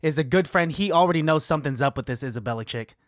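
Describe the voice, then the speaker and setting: A man co-hosting a casual podcast, excitedly retelling movie scenes and his own trips. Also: fairly high pitch, fast, dry recording, clean studio sound. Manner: excitable, animated retelling with laughs. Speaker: podcast co-host. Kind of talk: casual chat about a movie.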